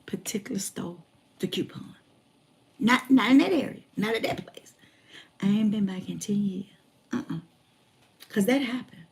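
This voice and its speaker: A woman in her forties telling a personal story in a lively, colloquial way, repeating phrases for emphasis. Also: mid-range voice, creaky. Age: 40s. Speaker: motivational speaker.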